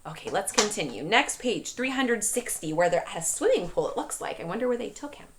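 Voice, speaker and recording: Expressive teacher reading aloud. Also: female voice, medium pitch, a little fast, background noise. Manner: questioning, expressive. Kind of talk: reading a storybook to a class.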